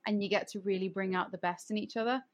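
A woman's voice: mid-range voice, fairly even intonation, fast. A woman hosting a podcast interview, chatting casually and enthusiastically with her guest. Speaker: podcast host.

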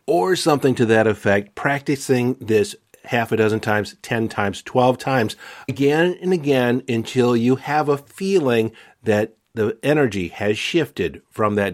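Calm, measured man giving advice. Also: medium pitch. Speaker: podcast host. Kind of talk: advice talk.

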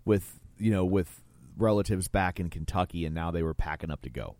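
A man talking casually about a film, halting and earnest, often restarting his sentences. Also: low voice, a little mellow, no echo.

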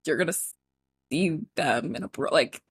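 A woman's voice: low-pitched, normal speed, husky, dry recording, studio quality. A woman co-hosting a podcast, chatting casually and rambling with lots of "like" fillers. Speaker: podcast co-host. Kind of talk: casual chat.

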